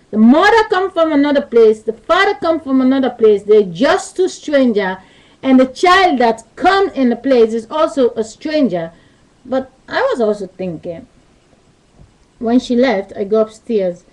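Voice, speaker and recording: Woman, slightly high voice, webcam monologue, rambling, broken English, at home. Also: expressive, measured pace, darkish tone, low-quality recording. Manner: rambling, non-native English grammar. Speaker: vlogger. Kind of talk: casual storytelling monologue. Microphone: webcam mic.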